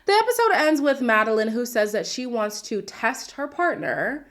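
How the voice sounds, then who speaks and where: A woman's voice: a little high, sing-song, normal speed. Sassy chatty woman recapping reality TV. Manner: chatty, incredulous, sassy asides. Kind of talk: casual recap commentary.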